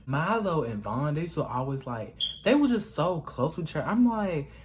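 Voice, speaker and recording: A man's voice: on the high side, very animated, moderate pace, a little hiss or hum. A young man telling a casual storytime vlog in a chatty, gossipy way, often calling the listener "girl". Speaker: vlogger.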